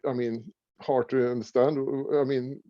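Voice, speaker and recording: A middle-aged man from Sweden with a Swedish accent, talking casually as an interview guest, halting with many fillers and restarts. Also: mid-range voice, flat delivery, no room sound, highs cut off. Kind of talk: casual conversation.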